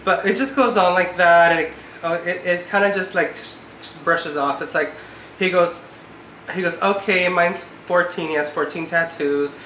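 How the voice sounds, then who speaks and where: A woman in her twenties talks through a casual vlog, her words full of "like" and a note of exasperation. Her voice has a bright, sharp edge. The recording has a roomy echo. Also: lowish voice, normal speed, a little hiss or hum. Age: 20s. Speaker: vlogger. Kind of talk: casual chat. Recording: echoey room.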